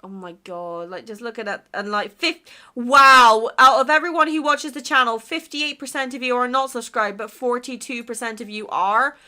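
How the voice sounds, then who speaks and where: A woman casually chatting as a YouTube creator, excitable and full of exclamations as she goes over her channel. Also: on the high side, moderate pace, few pauses. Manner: excitable, exclaiming, laughs between remarks. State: emotional, near tears. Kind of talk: casual vlog chat reviewing channel stats.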